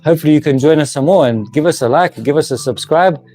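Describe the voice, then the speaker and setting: Chatty man, mellow voice. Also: a little high, fast, soft background music. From South Africa. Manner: chatty, laughs often, frequent restarts. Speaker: woodworking channel host. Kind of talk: casual live-stream chat. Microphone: camera mic, moving handheld camera.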